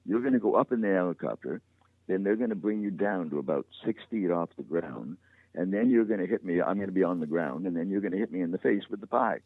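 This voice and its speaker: A man's voice: low-pitched, expressive, fast talker, dry recording. An older man, a guest in an interview, telling stories with a dry wit. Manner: dry-witted storyteller. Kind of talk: anecdotal interview chat. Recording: tinny phone line, dry.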